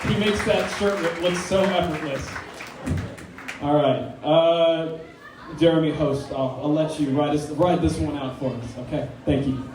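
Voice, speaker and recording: A young man doing stand-up comedy as a club president, telling a story in an animated way and laughing through his own lines. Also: a little high, measured pace, background noise. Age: young adult. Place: campus comedy venue. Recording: echoey room recorded from far away, crowd laughter. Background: audience laughing.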